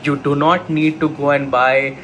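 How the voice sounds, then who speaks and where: A man's voice: on the high side, level tone, measured pace, a bit bright, a little hiss or hum. Chatty man reviewing a laptop. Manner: chatty, talks straight to viewers. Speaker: tech YouTuber. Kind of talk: casual product review.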